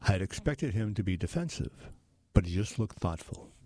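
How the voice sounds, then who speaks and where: A man narrating a first-person story for an audiobook in a measured storytelling manner. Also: low-pitched, sing-song, warm tone.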